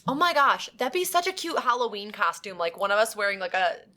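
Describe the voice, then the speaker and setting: A young woman chatting on a podcast with a bright, forceful voice. She tells a story at an easy, casual pace, acts out the people she quotes and laughs between lines. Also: mid-range voice, big pitch swings, a little fast. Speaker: podcast co-host. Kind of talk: casual chat.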